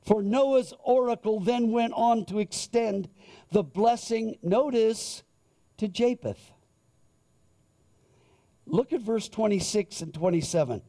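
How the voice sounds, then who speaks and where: Male pastor, sermon; high, mellow voice, slow and deliberate through scripture. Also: lively intonation.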